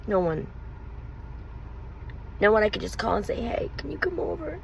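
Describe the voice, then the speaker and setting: A woman and mother pours out a painful personal story in a confessional vlog. Her voice has a gravelly fry running through it, and her telling is emotional and rambling. Faint car noise hums behind her. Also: mid-range voice, sing-song, normal speed, low-quality recording. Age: adult, mother of young children.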